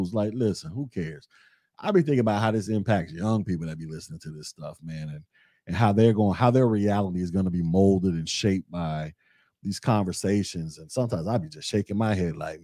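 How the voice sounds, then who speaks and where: Laid-back man with a low, mellow voice. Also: lively intonation, normal speed, dry recording, clean studio sound. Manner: laid-back, conversational, reads chat comments aloud. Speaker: podcast host. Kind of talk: casual commentary monologue.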